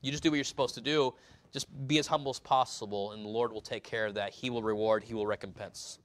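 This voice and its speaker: A man's voice: lowish voice, steady tone, quick pace, no echo. A man preaching a sermon in a conversational way, explaining scripture verse by verse.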